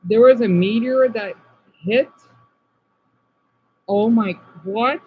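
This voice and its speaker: A man from Arizona streaming casually, reading chat comments aloud and reacting, moving between subdued talk and excited outbursts. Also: sits high, takes it slowly, husky, phone-quality sound.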